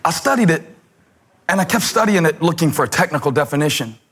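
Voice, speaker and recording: Husky man preaching with emphatic repetition. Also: on the high side, animated, fast talker. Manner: drops to a breathy hush on key words. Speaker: pastor. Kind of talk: sermon.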